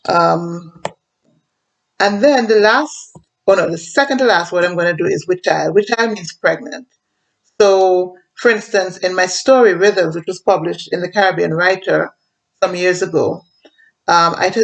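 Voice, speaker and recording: A woman with an Antiguan accent who reads her poems in a rhythmic way, then explains the dialect words in a plain, unhurried voice with pauses. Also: fairly low pitch, creaky, rough recording. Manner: rhythmic when reading, plain and explanatory with filler pauses between. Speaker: poet and writer.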